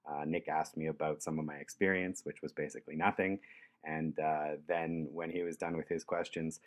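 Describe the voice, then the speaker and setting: A man telling a story in a relaxed, chuckling way, with lots of fillers. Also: very deep voice, normal speed. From Canada. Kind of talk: casual storytelling.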